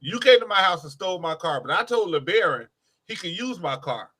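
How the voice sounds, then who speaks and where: Male co-host, high and bright voice, emphatic casual arguing. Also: very animated, fairly quick, slightly rough. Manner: argues with everyday examples, emphatic. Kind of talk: casual chat.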